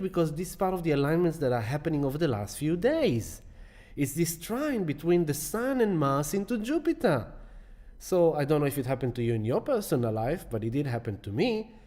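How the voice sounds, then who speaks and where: A man with a mellow, slightly high voice hosts a live astrology stream, chatting casually and affectionately. He greets viewers by name and rambles, with many restarts and repeated words.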